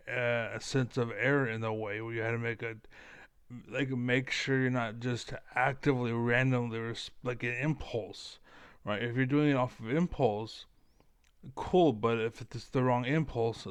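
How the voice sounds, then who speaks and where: A self-assured man rambles bluntly to his audience, circling back and restating his points. His voice is smooth and clean. The sound is dry and close, with no room around it. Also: medium pitch, fairly bright tone, dry recording. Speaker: online commentator. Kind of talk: casual monologue to camera.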